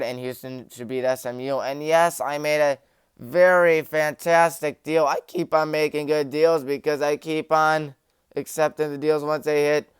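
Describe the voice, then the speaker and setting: Brief: young guy hosting sports talk, crisp and smooth, dry close sound, jokey and rambling. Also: a little high, no echo. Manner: jokey, rambling, self-mocking. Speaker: sports talk show host. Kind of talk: rapid-fire game picks with joking asides. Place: small community TV studio.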